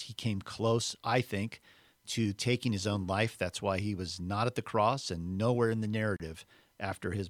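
Low-voiced man in a dry room. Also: no echo. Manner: reflective, uses computer metaphors. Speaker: co-host. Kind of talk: Bible reading then casual discussion.

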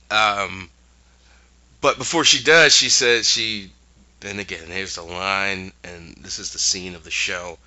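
A man's voice: low-pitched, slow pace, long pauses, sharp tone, dull audio. A man casually recapping a TV episode and acting out the characters' lines in voices. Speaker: podcast host recapping a TV episode.

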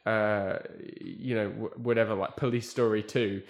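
A man's voice: lowish voice, normal speed, creaky. Guy telling a long rambly story, keeps restarting, bit of room echo. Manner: rambling, self-correcting, animated storyteller. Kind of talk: casual chat, storytelling. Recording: echoey room.

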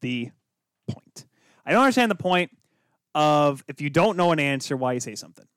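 Excitable joking young man, lively pitch. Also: fast, clean tone, no room sound, clean studio sound. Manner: goofy, joking, wrestling references. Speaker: podcast co-host. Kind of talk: casual sports chat.

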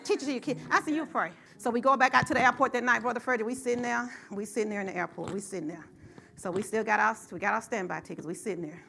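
High, bright-voiced woman preacher. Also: very fast, gravelly, a little hiss or hum. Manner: lively call-and-response preaching, rising to shouts. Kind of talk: sermon with personal story.

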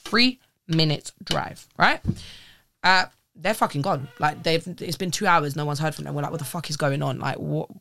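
Young woman, guest, quick, bright tone, animated storytelling, salty language. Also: sits low, creaky. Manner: swearing, animated storytelling with voiced quotes. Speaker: podcast guest. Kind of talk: casual storytelling.

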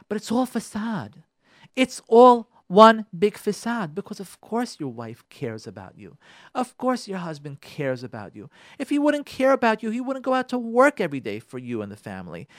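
A man's voice: extremely high pitch, no room sound, clean studio sound. A man on a radio show telling a story and giving marriage advice, repeating phrases for emphasis and speaking straight to the listeners. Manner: addresses listeners directly. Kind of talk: storytelling talk on relationships.

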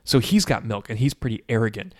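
This man, a podcast co-host with a mid-range voice, talks a little fast while retelling a movie plot in casual chat. Animated and stuffed with "like" fillers, his recap includes brief character voices as he acts out quotes.

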